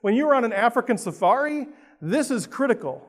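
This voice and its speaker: A middle-aged Minnesotan man with a rather high voice delivers a lively motivational talk from a conference stage and keeps turning questions to the crowd. His voice carries a long reverb from the big hall. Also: brisk. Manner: lively and playful, asks the audience questions. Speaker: keynote speaker. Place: large conference hall with an audience.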